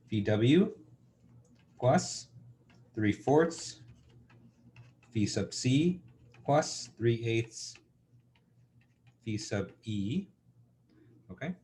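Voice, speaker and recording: A man's voice: medium pitch, darkish tone, slight background noise. A man giving a university engineering lecture, thinking aloud with lots of fillers and checking in with students.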